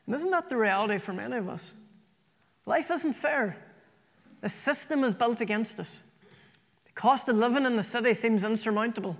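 A preacher delivering an earnest sermon, often repeating phrases for emphasis. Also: mid-range voice. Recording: long reverb from a hall.

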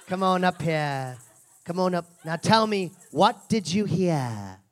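A man's voice: high-pitched, animated, slow pace. A man hosting a live comedy show on a theater stage, mock-solemn and abrasive, swearing and laughing at his own jokes.

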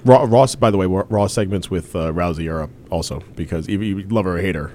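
A man's voice: low voice, quick pace, darkish tone, a little hiss or hum. A man hosting a casual chat show, talking loosely with restarts and laughter. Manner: chatty, stumbles and restarts, laughs often. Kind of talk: casual chat about wrestling.

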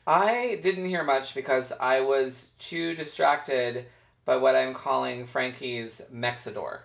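A mid-pitched podcast co-host gossips about a TV episode. The talk is loose and rambling, full of likes, ums, and side tangents. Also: takes it slowly, gravelly. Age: older than co-host. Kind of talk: casual chat recapping a TV episode.

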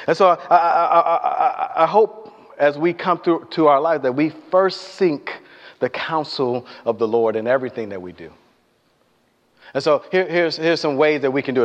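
In a big hall whose echo trails on long after each phrase, a man preaches, retelling scripture as a lively story and voicing the characters himself. He also poses questions to the congregation. His pitch is slightly higher than typical for a man, and the recording sounds muffled and lo-fi.

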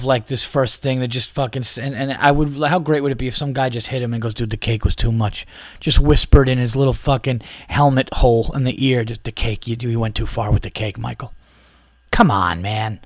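A man's voice: on the high side, dry recording. A man hosting a podcast, ranting in a casual, profane, exasperated way with many restarts. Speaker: podcast host.

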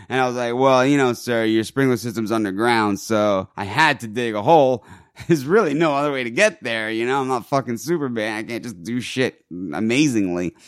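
A man's voice: mid-range voice, dry recording. Profane storytelling man, dry close sound. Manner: profane, animated, acts out shouting in quotes. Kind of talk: casual storytelling.

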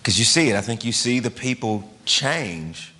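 A man's voice: medium pitch, animated, normal speed, sharp tone. A male pastor preaching a sermon in a conversational way, often putting questions to the congregation. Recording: long reverb of a large hall.

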